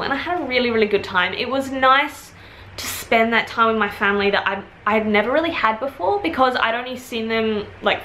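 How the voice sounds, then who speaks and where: A woman in her twenties from Australia, with an Australian accent softened by British influence, chatting casually to camera at home in a rambling way with quick asides. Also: fairly high pitch, echoey room, a little hiss or hum. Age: 20s. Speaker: vlogger. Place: at home, indoors.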